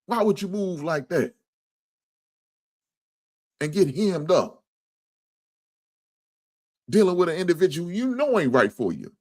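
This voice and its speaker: A man's voice: sing-song, measured pace, long pauses. Profane, preachy male sports-talk host. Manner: preachy, profane, swings from low grumble to high outraged shouts. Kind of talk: casual commentary on a video.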